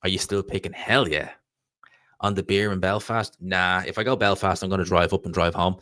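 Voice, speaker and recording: An Irish man hosting a live stream reads viewer chat and rambles casually through his answers, speaking a little fast in a deep, fairly even, slightly bright voice. The studio-quality audio has no echo.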